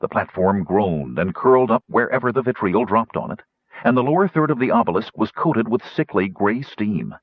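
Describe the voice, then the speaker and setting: A man narrates a fantasy story in a dramatic, measured way. His husky, low voice swoops widely. The recording is dry, dull and lo-fi. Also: lively intonation, no echo. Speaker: audiobook narrator.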